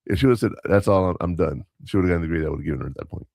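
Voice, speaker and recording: A man's voice: low voice, lively intonation, racing, darkish tone, no room sound, studio quality. A man who works as a substitute teacher, co-hosting a podcast and telling rambling stories with quoted dialogue and self-corrections. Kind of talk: casual storytelling chat.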